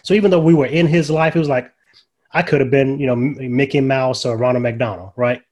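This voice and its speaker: Older man, chaplain, folksy, mid-pitched, softly quoted dialogue. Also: steady tone, a little fast, dull audio. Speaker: guest, grief ministry chaplain. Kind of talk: casual storytelling.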